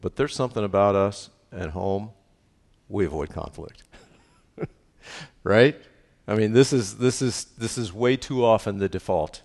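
Middle aged guy preaching, low voice, jokey, punches lines twice. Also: a little slow, creaky, darkish tone. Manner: emphatic, jokey, repeats key lines. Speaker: pastor. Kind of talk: sermon.

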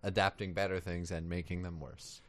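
A man's voice: sits low, little pitch movement, moderate pace, a bit bright. A young man co-hosting a podcast, making dry, sardonic remarks about a movie. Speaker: podcast co-host. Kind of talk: casual movie review chat.

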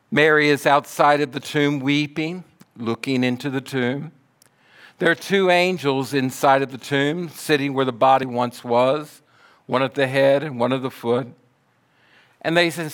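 Preacher man, slow deliberate sermon, big dramatic swells. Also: medium pitch, fairly bright tone. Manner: dramatic storytelling, slow and emphatic.

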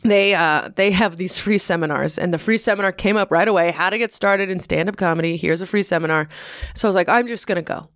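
A woman's voice: fairly low pitch, fast, no room sound, studio quality. A young adult woman, a stand-up comedian, chatting on a podcast and telling stories animatedly, laughing often and acting out her own past thoughts. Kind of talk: casual podcast chat.

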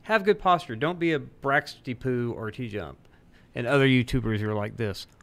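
A man's voice: medium pitch, moderate pace, a bit bright. A man who is a guest on a livestream debate, talking emphatically and teasingly.

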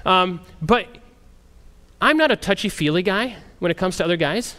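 Missionary man, animated storyteller, high and very expressive voice. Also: moderate pace. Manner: animated storyteller, frequent restarts. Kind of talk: storytelling testimony talk.

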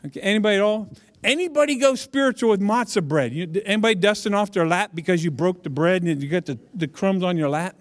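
Casting note: male preacher with a fairly high voice, relaxed and chatty, jokes with the congregation. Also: quick pace. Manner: chatty, humorous, addresses audience directly. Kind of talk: casual conversational sermon.

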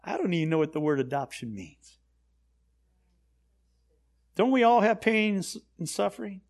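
A man preaching a sermon as pastor, swinging from hushed, intimate lines to loud, emphatic ones. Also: sits high, sing-song, normal speed.

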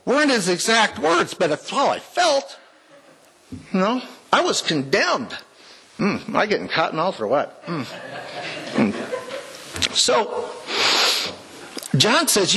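Lively, husky man giving church testimony. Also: high-pitched, takes it slowly, pauses often, low-quality recording. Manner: folksy and heartfelt, with small jokes. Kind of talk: personal testimony to a congregation. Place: church sanctuary, before the congregation.

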